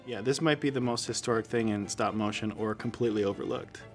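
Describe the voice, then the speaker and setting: A man's voice: lowish voice, quick pace, soft background music. Upbeat man briefing a project.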